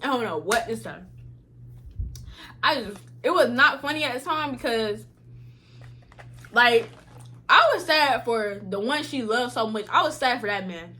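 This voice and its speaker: A young woman vlogger telling a casual storytime, slangy and animated, acting out what others said. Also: on the high side, a little slow. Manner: animated, slangy, acts out quotes.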